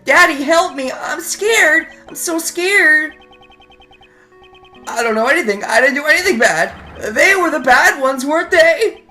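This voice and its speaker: Young male clown in full meltdown, shrill screaming pleas; man reading it. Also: animated, measured pace, pushed and bright, faint music behind, heavily acted. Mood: panicked. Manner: screaming, panicked pleading.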